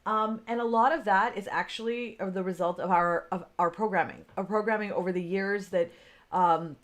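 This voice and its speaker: A woman's voice: medium pitch, moderate pace. Chatty woman livestreaming to viewers. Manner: chatty, greets viewers by name, many fillers. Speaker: business coach hosting a livestream. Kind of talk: unscripted livestream talk.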